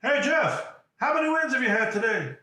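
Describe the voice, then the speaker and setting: Shouting male coach, insistent, acted by a male storyteller, in a roomy hall. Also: mid-range voice, level tone, quick pace, lightly acted. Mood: yelling. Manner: yelling, insistent. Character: loud, relentless middle-aged male football coach.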